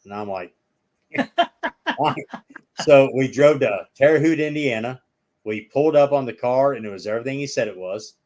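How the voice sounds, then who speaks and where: A man's voice: mid-range voice, fairly quick, darkish tone. A man with an ordinary mid-range voice spins long stories as a guest in a casual chat. He rambles from one detail to the next and acts out what each person said.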